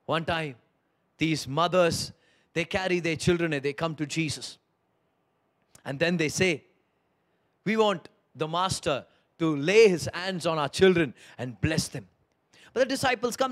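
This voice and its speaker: A man preaching a sermon as pastor, moving between hushed tender pleading and loud emphatic preaching. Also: fairly high pitch, normal speed.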